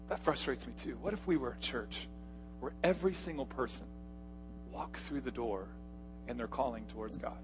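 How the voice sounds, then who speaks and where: A male pastor preaching a sermon, swinging from loud, punchy lines to hushed, quiet asides. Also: mid-range voice, lively intonation, normal speed, pauses often, over music.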